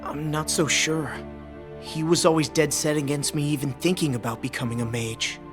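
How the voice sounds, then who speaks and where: A man's voice: on the high side, fairly even intonation, moderate pace, natural voice. An actor voicing a stubborn, good-natured teenage boy who is a novice mage in an anime dub, plain-spoken and sincere. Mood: reflective. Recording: studio dub with music behind.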